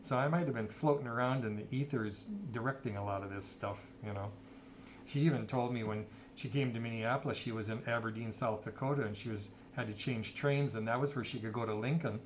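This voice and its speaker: A man's voice: mid-range voice, a little fast, slight background noise. A middle-aged man casually telling a rambling personal story and quoting people's dialogue. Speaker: storyteller sharing personal history.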